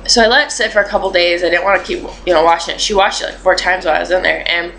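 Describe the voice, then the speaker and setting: A woman's voice: lowish voice, steady tone, fast talker, creaky, a bit bright, slight background noise, poor audio. A young adult woman vlogging in a chatty, rambling way, with lots of fillers as she tells a story. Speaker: beauty vlogger. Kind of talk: casual chat.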